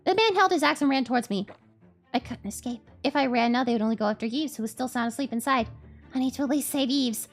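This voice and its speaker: A woman's voice: high-pitched, quick pace, soft background music, pitched above the performer's own voice. A woman reading game text aloud in a cutesy, sweet voice as the young heroine narrating her own peril. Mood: earnest.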